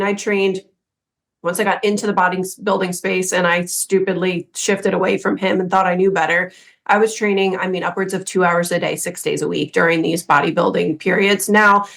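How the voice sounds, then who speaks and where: A woman's voice: mid-range voice, fairly bright tone. A woman in her thirties co-hosting a podcast, telling her story in a candid, self-mocking way with quoted asides. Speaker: podcast co-host. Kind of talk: casual podcast chat.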